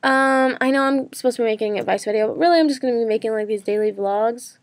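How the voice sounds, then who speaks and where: A woman's voice: on the high side, fast, dry recording, studio quality. Chatty young woman vlogging from campus. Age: young adult. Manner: chatty, rambling, lots of "like" and "um". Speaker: college student vlogger. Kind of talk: casual daily vlog.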